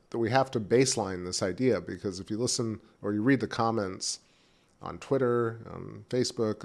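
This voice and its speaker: A livestream host with a lowish voice and noticeable vocal fry chats idly and rambles between bites, broadcasting casually from the back porch of his home.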